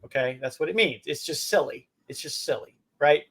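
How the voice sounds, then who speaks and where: Soft-spoken storytelling man, fairly high voice. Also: brisk, slightly rough. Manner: storytelling, self-deprecating, soft-spoken asides. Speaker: podcast co-host. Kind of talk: casual chat.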